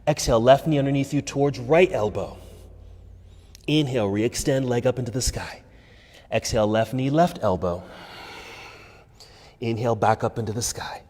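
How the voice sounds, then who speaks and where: A man's voice: medium pitch, normal speed, long pauses. Man cueing a yoga class, reverberant studio. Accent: American. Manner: calm instructive cueing, breath counts. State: slightly out of breath. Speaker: yoga instructor. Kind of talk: guided yoga class cues.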